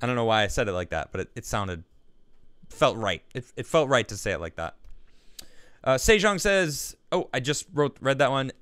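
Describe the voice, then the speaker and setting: Man, stream host, casual chat, reads viewer comments, smooth clear voice, dry close sound. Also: mid-range voice, sing-song, moderate pace, a bit bright, dry recording. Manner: chatty, laughs easily, stumbles and restarts often. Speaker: livestream show host. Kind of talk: casual chat, reading viewer messages aloud.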